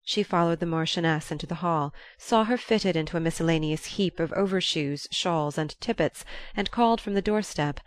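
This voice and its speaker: A woman with a lowish voice narrates a classic novel in measured, even scripted narration. The recording is dry and close. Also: dry recording. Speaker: audiobook narrator.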